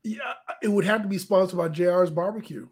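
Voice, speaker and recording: A man's voice: high voice, a little fast, a little mellow, slight background noise. A man co-hosting a casual wrestling recap show, laid-back and jokey as he walks through the matches. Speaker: podcast co-host.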